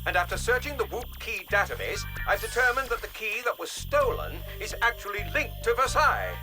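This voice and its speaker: An actor voicing a crisp, businesslike male spy chief giving a briefing over a communicator in a cartoon. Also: high-pitched, big pitch swings, brisk, over music. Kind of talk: cartoon voice acting.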